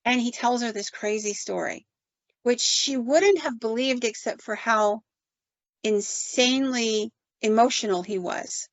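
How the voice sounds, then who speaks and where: A woman podcast host telling a story in an animated, conversational way, often quoting people with "like". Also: a little high, unhurried, dry recording. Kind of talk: casual storytelling. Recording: dull, dry sound.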